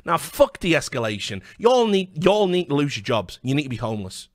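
A man's voice: a little high, big pitch swings, moderate pace, no room sound. British man, angry rant, lots of swearing, stumbling restarts, dry close sound. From Britain. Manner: heated, profane, combative, with stammered restarts. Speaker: online commentator.

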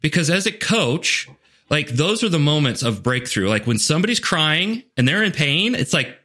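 A man's voice: fairly high pitch, big pitch swings, normal speed, pushed and bright. A man speaking as a guest on a podcast interview. He is a leadership coach and talks earnestly and animatedly, with frequent "like" fillers and restarts.

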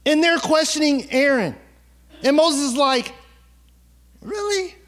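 A male pastor giving a sermon, retelling a story in an animated, colloquial, conversational way. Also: very high voice, a little slow.

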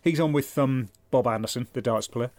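A man's voice: medium pitch, brisk, darkish tone, no echo. A man co-hosting a casual comedy chat, making dry, sardonic and sweary remarks. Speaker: podcast co-host.

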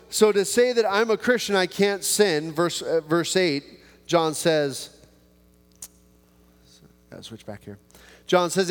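A man's voice: a little high, big-room sound. A man preaching a sermon in a casual, self-mocking way, acting out little prayers and conversations. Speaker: pastor.

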